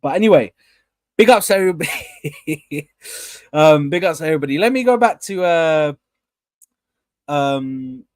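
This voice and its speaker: A young man chats loosely on a live stream and keeps circling back to shout out his viewers. His voice sits a touch high for a man. The sound is close and dry, with no room around it. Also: animated, normal speed, pauses often, no room sound. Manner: rambling, repeats himself, shouts out viewers. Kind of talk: casual live chat.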